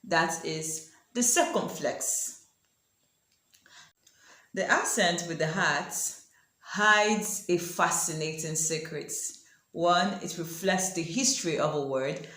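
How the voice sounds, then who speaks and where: A woman teaching a language lesson, asking the viewer questions and repeating example words slowly. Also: fairly low pitch, a bit bright, echoey room. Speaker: French teacher. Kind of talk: language lesson explaining pronunciation.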